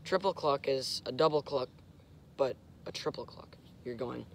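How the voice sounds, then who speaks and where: A young man casually explaining hunting call technique, halting and searching for words, with short clipped demonstration sounds. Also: mid-range voice, vocal fry, slight background noise. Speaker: host. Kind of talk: casual instructional talk.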